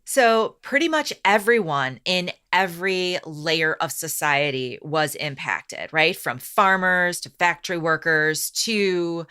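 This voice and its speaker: Bright-voiced woman telling history. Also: fairly low pitch, smooth. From Chicago South Side. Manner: reads from notes, teasing and brisk with her co-host. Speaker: podcast co-host, storyteller. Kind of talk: casual podcast chat, reading a history story.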